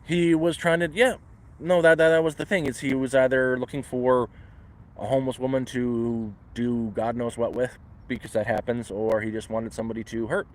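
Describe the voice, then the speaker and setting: A man's voice: medium pitch, little pitch movement, normal speed. A Canadian man livestreaming casually from the woods, rambling and acting out the voices in his stories. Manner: rambling, restarts often, acts out voices in quotes. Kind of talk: casual live storytelling. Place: outdoors in the woods.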